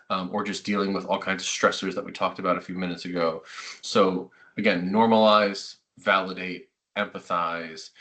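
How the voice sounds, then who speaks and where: A middle-aged man, a therapist, giving a conversational webinar talk to parents and acting out quoted remarks. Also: low voice. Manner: conversational, animated, acts out quotes. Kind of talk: webinar presentation.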